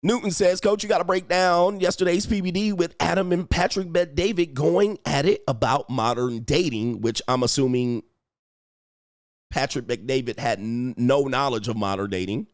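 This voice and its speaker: A man's voice: on the high side, fairly even intonation, normal speed, dry recording, studio quality. A man hosting a livestream, reading viewer messages and commenting in a mocking, slangy way with frequent laughs. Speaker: livestream host reading super chats. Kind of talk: casual commentary. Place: home studio.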